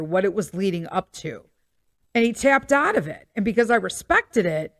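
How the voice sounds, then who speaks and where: A woman's voice: on the high side, dry recording, clean studio sound. A woman hosting a podcast, chatting casually about parenting and often checking in with listeners with "okay?". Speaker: podcast host.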